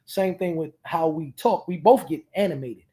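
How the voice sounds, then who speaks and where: Man, co-host, slightly high voice, casual chat, animated, colloquial, many restarts. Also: normal speed.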